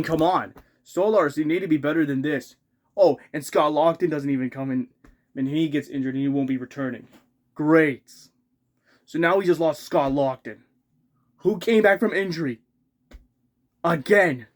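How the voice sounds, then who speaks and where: A man's voice: fairly high pitch, moderate pace, long pauses. A man ranting as a hockey fan in a vlog, exasperated, repeating himself and swearing in rising outbursts.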